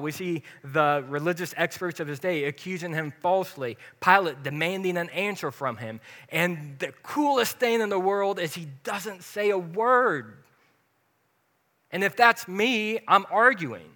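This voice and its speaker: Guy preaching a laid-back sermon, bright punchy voice, earnest then kidding around. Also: sits high. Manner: earnest, animated, personal and joking. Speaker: pastor.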